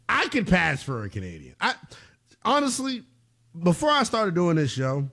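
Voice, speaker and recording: Brash, animated sports radio host man. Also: high-pitched, unhurried.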